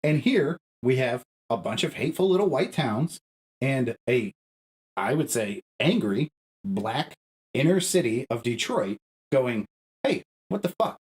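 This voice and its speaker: Young guy ranting on a podcast, swears a lot, mid pitch but spikes way up when he gets heated. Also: expressive, measured pace, low-quality recording. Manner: profane, emphatic, arguing with rising pitch. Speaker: podcast co-host. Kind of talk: heated casual podcast rant.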